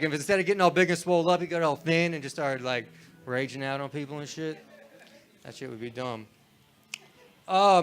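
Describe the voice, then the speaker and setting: A man's voice: a little high, fairly bright tone, clean tone. A young man from Florida doing a rambling, crude stand-up set on a club stage. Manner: laid-back, rambling, crude. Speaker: stand-up comedian.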